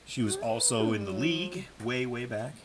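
Animated joking man on a podcast. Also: medium pitch, moderate pace, a loud crowd. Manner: joking, blunt, swears casually. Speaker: podcast co-host. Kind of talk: casual chat recapping a movie.

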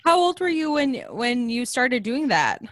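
A woman's voice: sits high, very animated, unhurried, no echo. A young woman hosting a casual interview, friendly and encouraging, with long rambling questions. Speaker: podcast host. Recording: dry close-mic sound.

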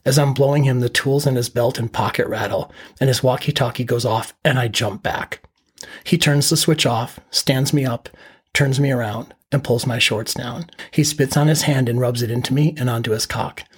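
Middle-aged man, husky voice, calm first-person podcast storyteller. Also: medium pitch, moderate pace. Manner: calm, matter-of-fact present-tense telling.

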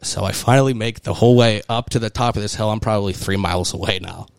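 A man co-hosting a podcast in a studio, telling a long story with lots of laughter and sudden high jumps in his voice when he acts out the panicked moments. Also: quick pace, vocal fry, smooth, no echo. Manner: animated storyteller, laughs through his words. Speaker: podcast co-host.

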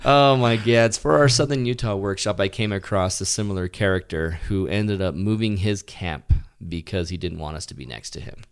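Lower-voiced man in chatty conversation. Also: normal speed, hardly any pauses, smooth. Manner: chatty, recounts dialogue. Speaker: photography workshop leader. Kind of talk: casual conversation.

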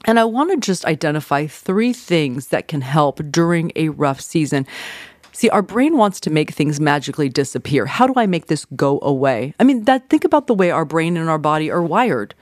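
A woman's voice: sits low, big pitch swings, a little fast, hardly any pauses, dry recording. Middle-aged woman therapist just chatting, lots of kinda and like, dry voice. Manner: conversational, with frequent "kinda" and "like" fillers. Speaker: therapist and podcast host. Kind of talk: casual advice talk.

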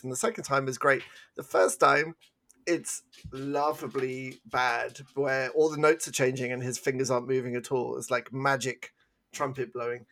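A man's voice: medium pitch, a bit bright. Rambling male podcast co-host. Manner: rambling, self-deprecating, with sung and mimicked bits. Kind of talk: casual film review chat.

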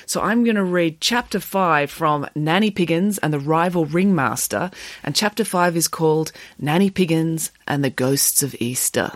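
A woman, a children's author and podcast host, reading a bedtime story in a friendly, expressive way. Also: fairly low pitch, no echo, studio quality.

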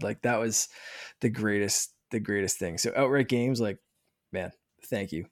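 A man in his thirties chatting casually as a podcast host, talking with excitement and often restarting his sentences. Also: on the low side, normal speed. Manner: rambling, excited, many restarts. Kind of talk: casual chat.

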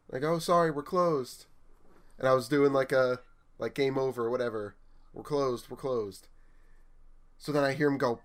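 A man's voice: medium pitch, moderate pace. Young male storyteller, casual podcast chat, acts out the quotes, mid-range voice. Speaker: retail store manager telling work stories.

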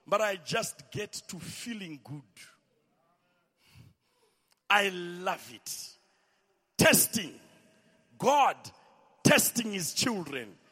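High-voiced man preaching in a hall. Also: husky. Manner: sing-song, swelling to shouts, calls for amens. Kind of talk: impassioned sermon.

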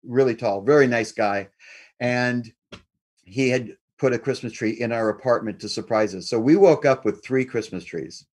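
Middle-aged male storyteller, animated, mid-range voice. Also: medium pitch, normal speed, breathy edge. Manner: animated, acts out family members' voices. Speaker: guest storyteller. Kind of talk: telling a personal story.

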